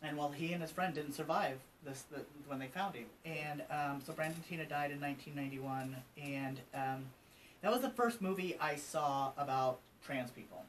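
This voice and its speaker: A man's voice: fairly high pitch, normal speed, recorded from a distance, poor audio. Man near fifty telling his story. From Colorado, USA. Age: almost 50. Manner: open and conversational, many ums and asides. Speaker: interview guest, trans advocate. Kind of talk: candid personal storytelling. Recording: from slightly off mic with faint ambient noise.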